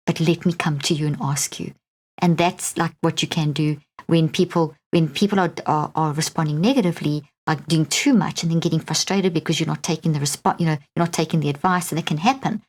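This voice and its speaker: Woman, middle-aged, South African accent, podcast host, earnest coaching tone, fairly low pitch. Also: fairly quick, darkish tone. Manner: earnest, coaching, repeats "okay?" to check in. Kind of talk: solo podcast monologue.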